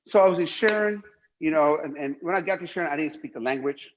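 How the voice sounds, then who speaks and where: A man's voice: fairly high pitch, quick pace, dull audio, a little hiss or hum. A middle-aged man from Iran telling his life story emphatically in an interview, repeating himself and swearing freely. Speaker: guest.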